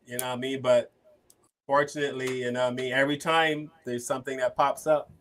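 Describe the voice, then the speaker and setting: A man's voice: medium pitch, flat delivery, fast, fairly bright tone. A man co-hosting a casual talk show, conversational, reading out and answering viewer comments. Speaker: co-host. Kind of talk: casual chat.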